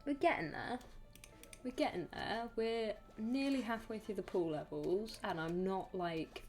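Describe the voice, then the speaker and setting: Over soft background music, a woman streams a game in a medium-pitched, somewhat dark voice, speaking a little slowly. She keeps up casual commentary, muttering at the game and tossing in playful sing-song remarks.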